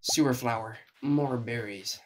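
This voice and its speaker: A man's voice: mid-range voice, measured pace, slight background noise. Sarcastic young guy cursing over gameplay. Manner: sarcastic, profane, talks to himself. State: strained voice. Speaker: gaming video creator. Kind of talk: casual gameplay commentary.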